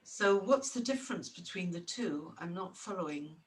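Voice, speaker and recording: A woman's voice: on the low side, lively intonation, normal speed. A woman trainee asking careful questions and giving feedback in a training session.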